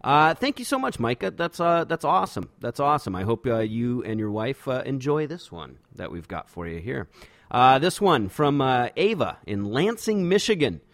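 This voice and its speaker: A man hosting a podcast in casual chat, reading listener emails in a relaxed, filler-heavy way, often saying "man.". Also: mid-range voice, normal speed, no room sound. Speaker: podcast host. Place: home studio in a backyard.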